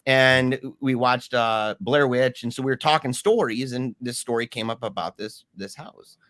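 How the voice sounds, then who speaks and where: A man guest telling a story in casual talk, animated, with many restarts and fillers. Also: mid-range voice, normal speed, no echo, clean studio sound.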